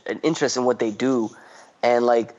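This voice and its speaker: A man's voice: medium pitch, fairly even intonation, normal speed, darkish tone, muffled recording. A man co-hosting a casual podcast, talking in a loose, rambling way with casual swearing.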